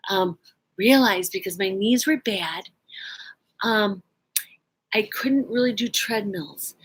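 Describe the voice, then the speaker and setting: A woman's voice: medium pitch, breathy edge, rough recording. A woman vlogger casually telling a personal story, rambling with lots of fillers and restarts. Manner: laughs often while telling a story.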